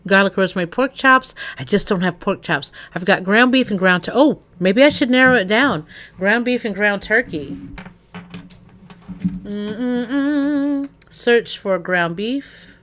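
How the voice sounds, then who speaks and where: A woman's voice: mid-range voice, moderate pace, sharp tone. A woman livestreaming in casual chat, rambling and talking straight to her viewers. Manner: rambling, chatty, addresses chat directly.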